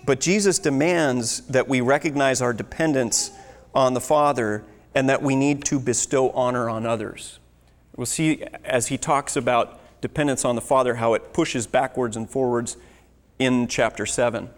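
A man's voice: mid-range voice, moderate pace. A man preaching a sermon, earnest and teaching, with scripture read aloud. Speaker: pastor. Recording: long hall reverb.

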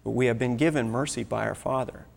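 A man's voice: medium pitch, steady tone, fast, creaky. A man preaching a sermon, earnest and teaching, with scripture read aloud. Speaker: pastor. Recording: long hall reverb.

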